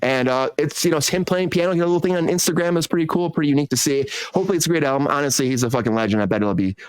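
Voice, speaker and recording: Fast-talking podcast host guy, swears a lot, rambly and excited, dry close mic. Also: fairly high pitch, clear, resonant tone, no echo. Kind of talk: casual entertainment news chat.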